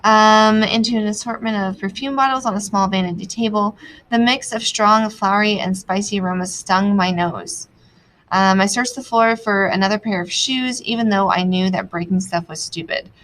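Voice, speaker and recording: A young adult woman teaching, annotating a text aloud as she reads, thinking out loud with many pauses. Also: medium pitch, a little hiss or hum, poor audio.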